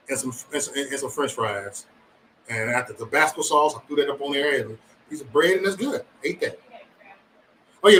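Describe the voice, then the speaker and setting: A man's voice: medium pitch, recorded from a distance, poor audio. A man hosting a casual livestream, chatting loosely and profanely with his viewers. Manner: loose, profane, animated banter with chat. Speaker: livestream host.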